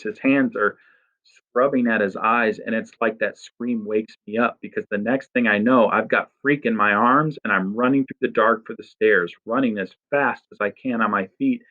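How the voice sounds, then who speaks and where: A man reading a first-person story aloud in a steady, expressive narration. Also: lowish voice, narrow, tinny audio. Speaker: audiobook narrator.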